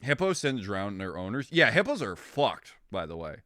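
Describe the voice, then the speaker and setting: A young man streaming, chatting casually with viewers in a rambling, excitable way, swearing freely. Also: fairly low pitch, moderate pace, no room sound, studio quality.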